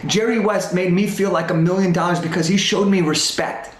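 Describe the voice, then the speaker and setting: A young man giving a motivational storytelling talk to a school assembly, animated and using dramatic pauses. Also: sits high. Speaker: motivational speaker. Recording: roomy echo.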